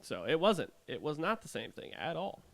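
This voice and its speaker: A man co-hosting a podcast, casually rambling through eerie personal experiences in an animated way. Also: fairly high pitch, normal speed, vocal fry. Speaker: podcast co-host. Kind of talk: casual storytelling.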